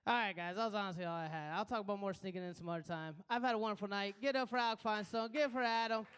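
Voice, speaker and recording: A man's voice: high-pitched, fairly even intonation, racing, a bit bright, clear, resonant tone. A man doing stand-up, telling a loose, boastful story and laughing at his own jokes. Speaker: stand-up comedian.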